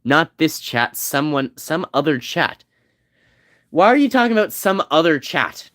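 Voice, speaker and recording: A man's voice: a little high, very animated, measured pace, fairly bright tone. A man streaming a game, chatting casually and joking with his viewers in a rambling way. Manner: rambling, joking, talks to chat. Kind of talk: casual gameplay chat.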